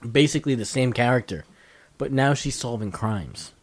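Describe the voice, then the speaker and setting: A male podcast host chatting casually with friends, rambling through his stories with plenty of filler. His pitch sits in the middle, and laughter keeps breaking into his talk. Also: animated, moderate pace, crowd noise.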